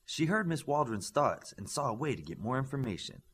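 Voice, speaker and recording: Male audiobook reader; animated, mid-pitched voice that climbs for dialogue and sinks for tags. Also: a little fast, slight background noise. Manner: lifts pitch and volume for dialogue, drops low for tags. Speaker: audiobook narrator. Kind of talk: audiobook reading with character voices.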